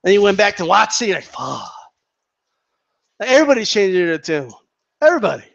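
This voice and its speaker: A man with a high voice rants to his viewers, heated and mocking, swearing freely and hammering his points through repetition. The sound is dull and lo-fi. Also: very animated, racing, gravelly, fairly bright tone, no room sound. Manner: heated, profane, mocking, repeats himself. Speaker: boxing commentator vlogger. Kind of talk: casual rant to viewers.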